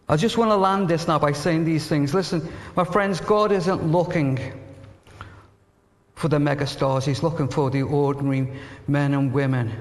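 A man preaching a sermon, earnest and emphatic, telling stories and dropping to a hush at tender moments. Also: on the high side. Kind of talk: sermon with storytelling. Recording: reverberant hall.

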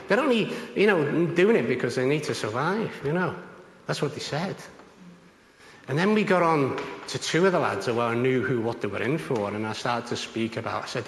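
A man, a prison chaplain, telling a story in conversation and acting out the voices of the people in it. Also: moderate pace. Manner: animated, acts out others' voices with big pitch jumps. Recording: echoey room with long reverb.

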